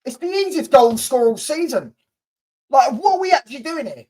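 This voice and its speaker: A man's voice: very high voice, expressive, normal speed, darkish tone, low-quality recording. Guy fuming about a football result, sweary, repetitive, young adult. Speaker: football fan channel host. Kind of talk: angry fan rant to camera.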